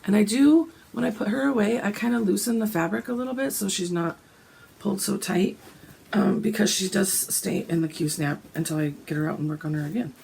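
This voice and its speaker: A woman, hoarse and gravelly from a cold, chatting casually about her cross-stitch plans and often clearing her throat. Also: brisk, a little mellow, slight background noise. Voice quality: gravelly, deep. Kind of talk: casual chat.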